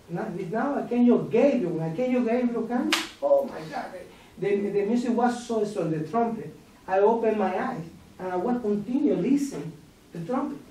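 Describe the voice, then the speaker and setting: Halting Spanish-speaking man in an echoey room. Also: sits high, dark tone. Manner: halting broken English, repeats words, chuckles. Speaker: meditation event host. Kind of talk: sharing a personal spiritual story. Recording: echoey room, distant mic, some noise.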